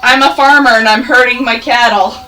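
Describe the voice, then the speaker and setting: A woman teaching first graders an online phonics lesson, patient and encouraging, sounding words out slowly. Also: on the high side, fairly even intonation, sharp tone, far from the mic, a little hiss or hum, poor audio.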